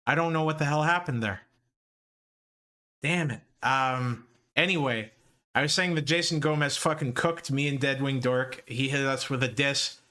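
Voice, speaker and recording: A man's voice: mid-range voice, normal speed, pushed and bright. A young man hosting a casual live stream, cursing, joking at his own expense and laughing often. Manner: profane, self-mocking, laughing often. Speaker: livestream host.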